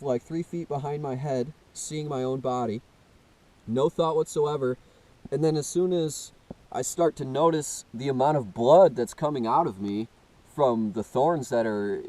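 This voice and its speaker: A man earnestly telling a first-person story, halting and often restarting as he searches for words. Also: medium pitch, dark tone, poor audio. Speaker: personal testimony speaker.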